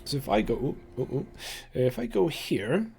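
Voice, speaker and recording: A man's voice: medium pitch, big pitch swings, normal speed, vocal fry, dark tone, faint music behind. A young man hosting a let's play, giving casual, rambling gameplay commentary and thinking aloud with lots of fillers.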